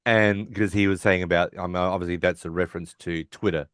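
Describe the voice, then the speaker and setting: A man's voice: low voice, fairly even intonation, brisk, clear, resonant tone, dry recording, clean studio sound. A man co-hosting a podcast, casually retelling scenes and acting out lines, with fillers. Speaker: podcast co-host. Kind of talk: casual recap chat.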